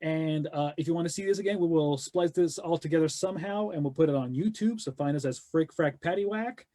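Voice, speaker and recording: A man's voice: a little high, fairly quick, mellow. Rambling man hosting a webcast. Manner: rambling, repeats words when wrapping up. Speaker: host. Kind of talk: casual chat.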